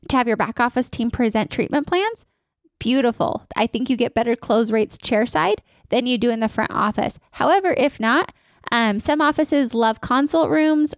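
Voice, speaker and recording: A woman's voice: fairly high pitch, no echo, studio quality. A woman consultant in her thirties, a podcast guest talking energetically and acting out staff and patient lines. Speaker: dental practice consultant.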